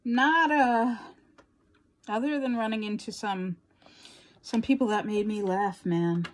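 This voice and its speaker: Chatty New York woman, higher voice. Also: takes it slowly, slight background noise. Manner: chatty, laughs often, rambling asides. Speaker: crafting vlogger. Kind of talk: casual chat to viewers.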